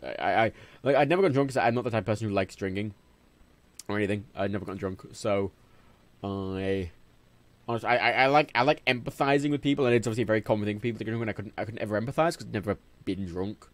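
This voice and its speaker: Speaking rapid-fire in a fairly low voice, a young Englishman with a hint of Liverpool rambles through casual chat on a gaming livestream. He swears freely and keeps switching topics, and faint game music can be heard behind him.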